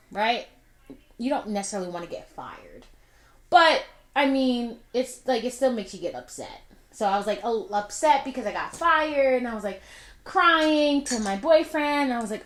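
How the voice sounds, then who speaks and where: A woman in her twenties telling a personal story in a chatty way, with lots of fillers, while doing her makeup. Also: fairly high pitch. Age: 20s. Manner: chatty, many fillers, drawn-out asides. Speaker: vlogger. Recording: echoey room.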